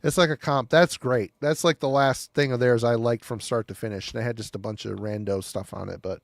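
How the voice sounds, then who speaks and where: A man's voice: mid-range voice, fairly even intonation, brisk, vocal fry, dry recording. Laid-back man, dry close sound. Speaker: podcast co-host. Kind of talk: casual music review chat.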